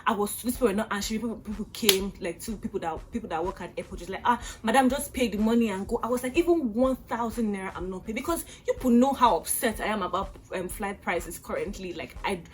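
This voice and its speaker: A young Nigerian woman with a Nigerian accent, telling a storytime vlog in an animated, exasperated way with acted-out outbursts. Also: mid-range voice, fast talker, few pauses. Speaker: vlogger.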